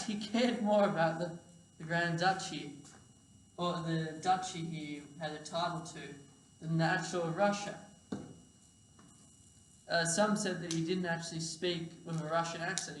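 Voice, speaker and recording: A sleep-deprived man giving a casual, rambling history lecture, swearing and correcting himself as he goes. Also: fairly high pitch. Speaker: history presenter. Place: lecture hall. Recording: echoey hall, distant mic, faint hum.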